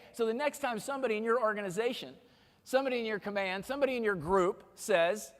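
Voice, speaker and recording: A man with a notably high voice gives a motivational keynote from a stage. He is energetic and playful, cracking jokes and coaching the crowd through exercises. His voice carries a long reverb off a large conference hall. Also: fast. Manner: energetic, joking, directs audience exercises. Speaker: keynote speaker.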